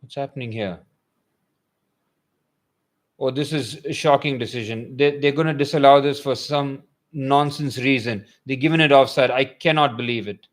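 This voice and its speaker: For a fan watchalong, an excitable young man narrates the match live, going from even play-by-play to loud eruptions. His pitch is medium and his speed normal.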